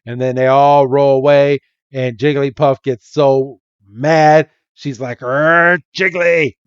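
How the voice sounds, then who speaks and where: A man's voice: medium pitch, little pitch movement, slow, warm tone, clear, resonant tone, no room sound, highs cut off. A man co-hosting a podcast, casually recapping a cartoon episode and acting out the characters' lines in goofy voices with frequent laughter. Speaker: podcast co-host.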